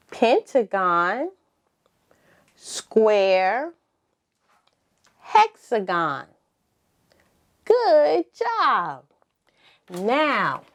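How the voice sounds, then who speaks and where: A woman teaching toddlers at circle time, speaking very slowly with long pauses between prompts. Her voice is fairly high and rises and falls in a lively, sing-song way as she encourages the children to repeat after her. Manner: slow, drawn-out prompting with call-and-response pauses. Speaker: preschool teacher.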